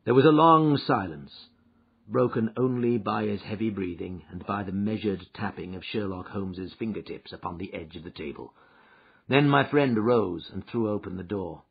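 A man narrating a classic story in a measured storytelling manner. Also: lowish voice, gravelly, breathy edge. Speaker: audiobook narrator. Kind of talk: scripted narration. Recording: dull lo-fi recording.

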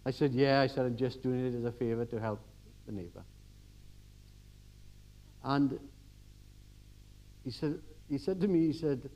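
An older man giving a church sermon, telling everyday stories and swinging from quiet asides to emphatic exhortation. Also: medium pitch, a little slow, long pauses, lo-fi sound. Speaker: preacher.

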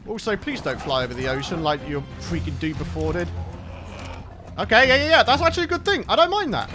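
A let's play host giving gameplay commentary, excitable and given to loud outbursts of frustration and triumph. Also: mid-range voice, quick pace, music in the background.

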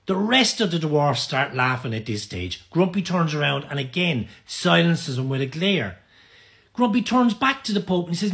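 A man's voice: a little high, lively intonation, normal speed. Guy telling a long joke, does little voices for the characters, bouncy and up and down. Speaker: joke teller. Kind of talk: told joke.

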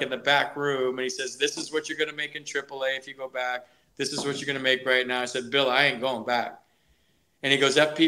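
A middle-aged man, a former ballplayer, telling his career story in an animated, energetic way during a podcast interview, often restarting his sentences. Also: mid-range voice. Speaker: guest, former ballplayer and broadcaster.

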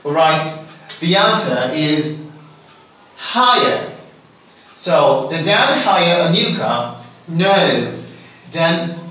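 Lively-voiced Nigerian man teaching English. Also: high-pitched, slow, pauses often, distant mic. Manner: repeats example sentences with shifting stress. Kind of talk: exam lesson explanation. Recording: echoey room, away from the mic.

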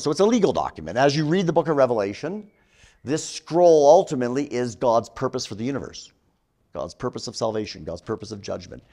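A middle-aged man giving a classroom theology lecture, teaching with emphasis and often checking in with "right?". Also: medium pitch. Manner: animated teaching with frequent "right?" tags.

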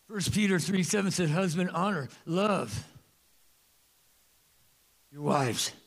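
A pastor delivers a sermon in a high, gravelly man's voice. He is animated and jokes as he goes, and he jumps into loud, emphatic bursts. It sounds like a church service. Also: slow. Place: church sanctuary.

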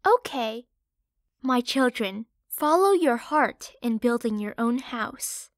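A woman voicing an aging mother pig who is caring and worried, speaking softly and slowly in an audiobook. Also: on the high side, dry recording, clean studio sound. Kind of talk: audiobook character voice.

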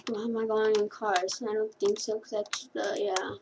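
In a mid-range voice with a level tone and moderate pace, this woman casually narrates her computer game, rambling and correcting herself. Keyboard clicks and clear background noise run underneath.

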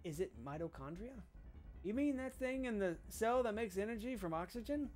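A reserved young female police officer from a video game, answering in short, subdued lines, read out by a man. The voice stays fairly high for a man, with faint music behind. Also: lively intonation, moderate pace, darkish tone.

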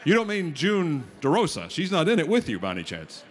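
High-voiced joking contest emcee man. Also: wildly swooping pitch, fairly quick, slight background noise. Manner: joking, upbeat, hyping the crowd. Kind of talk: live event announcing on a PA.

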